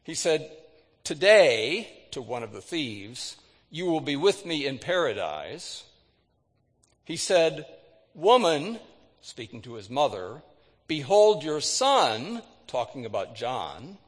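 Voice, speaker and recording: A man's voice: lively intonation, unhurried, breathy edge. Preacher man with a dramatic, echoing delivery. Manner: dramatic scripture reading, voice rising for quotes and dropping low for solemn lines. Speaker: pastor. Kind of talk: sermon.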